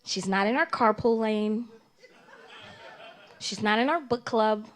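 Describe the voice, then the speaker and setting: A woman voicing a calm, preachy woman friend who speaks in a soothing, measured way and avoids drama. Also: fairly high pitch. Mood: serene. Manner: soothing, measured, self-consciously serene.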